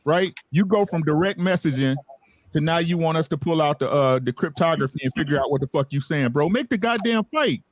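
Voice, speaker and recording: A man with a slightly higher voice talks boxing in loose, cussing banter. He repeats himself impatiently and keeps pressing the point. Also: fairly even intonation, fairly quick, no echo. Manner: impatient, repetitive, profane. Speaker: boxing show co-host. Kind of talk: casual group banter.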